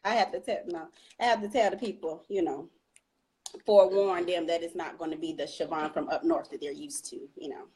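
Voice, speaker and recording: A woman with a Southern North Florida accent hosts a loose, joking conversation, laughing often and leaning into local slang. Her voice has a slightly husky, breathy edge, and she sounds like she is talking over an online call. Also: fairly low pitch, fairly even intonation, fairly quick, darkish tone, rough recording. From Jacksonville, Florida (Duval County). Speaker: host. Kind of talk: casual chat.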